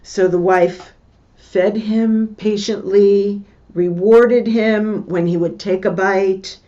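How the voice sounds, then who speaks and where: A woman teacher reading a book passage aloud and stopping to explain what words mean, in a slow, deliberate way. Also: mid-range voice, fairly even intonation, dark tone, dull audio. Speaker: English teacher.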